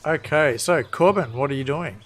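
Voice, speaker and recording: A man running a livestreamed tabletop game as game master, who reads lore aloud and answers players' questions in a relaxed way. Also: a little high, normal speed, a little hiss or hum.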